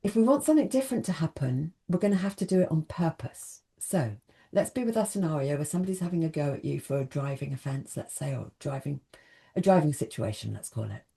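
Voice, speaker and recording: Woman, self-help speaker, talks straight to camera, lively pitch. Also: fast talker, vocal fry. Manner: earnest, addresses the viewer directly with questions. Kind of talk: motivational talk to camera.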